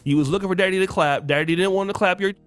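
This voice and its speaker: A man's voice: sits high, rapid-fire, fairly bright tone, clear, resonant tone, soft background music. A man hosting a livestream, mocking and taunting his target with laughter. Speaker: streamer host. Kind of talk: mocking commentary.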